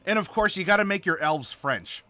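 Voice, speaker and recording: Hosting a casual chat at a moderate pace, this high-voiced man has a slight Southern American accent and no echo around him. His manner is playful and animated, with frequent laughter.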